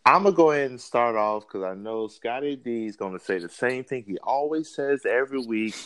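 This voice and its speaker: A man's voice: medium pitch, lively intonation, fairly quick, a bit bright. A man co-hosting a sports podcast, playfully teasing and laughing often. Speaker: podcast co-host. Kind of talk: casual sports banter.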